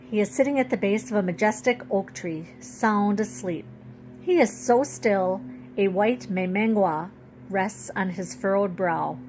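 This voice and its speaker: A woman reads her own children's book aloud in an expressive storytelling voice of middle pitch, slowing for emphasis. Faint noise sits underneath her voice.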